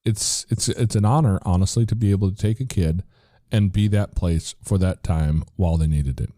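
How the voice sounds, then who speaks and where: A man's voice: low voice, moderate pace, dark tone, dry recording, clean studio sound. An American man in his forties, a podcast host, talking earnestly in casual conversation with frequent restarts.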